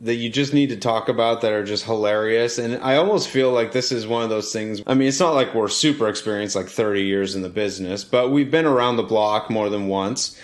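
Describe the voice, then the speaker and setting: A man co-hosting a podcast, telling a story in a relaxed, self-mocking, chatty way. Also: on the low side, fairly quick, hardly any pauses. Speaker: podcast co-host, opera singer. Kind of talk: casual storytelling chat.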